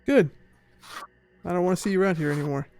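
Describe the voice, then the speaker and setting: A man's voice: high-pitched, quick pace, darkish tone, faint music behind. A man playing a tabletop game, voicing his character with stern threats. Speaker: player.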